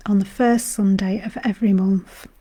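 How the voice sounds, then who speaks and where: A woman from Britain who is unwell, her voice going, talking gently and softly as a meditation guide on a live stream, rambling with many fillers. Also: mid-range voice, steady tone, normal speed. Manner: soft-spoken, gentle and rambling, with frequent fillers. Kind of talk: casual spiritual talk on a live stream.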